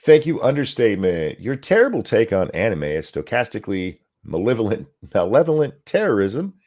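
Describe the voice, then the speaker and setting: A man co-hosting a casual podcast chat, animated and profane, tripping over words as he reads viewer comments aloud. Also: fairly low pitch, fairly quick. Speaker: co-host.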